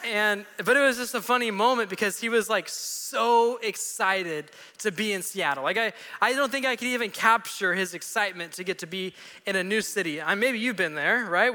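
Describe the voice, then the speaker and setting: In a church sanctuary, a male pastor preaches a sermon, telling stories animatedly and quoting voices. His voice is high-pitched with a sharp tone, and the church hall's long reverb fills the recording.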